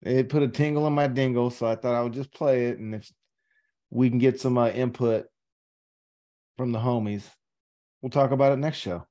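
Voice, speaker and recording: A man's voice: mid-range voice, fairly even intonation, normal speed, pauses often, warm tone. Crude, joking podcast co-host, man. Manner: crude jokes, wry riffing. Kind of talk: casual podcast banter.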